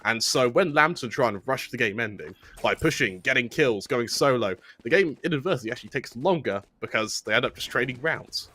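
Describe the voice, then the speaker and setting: A man giving relaxed, analytical color commentary on an esports match, with long explanations. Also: mid-range voice, brisk, few pauses, a little hiss or hum. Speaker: esports caster.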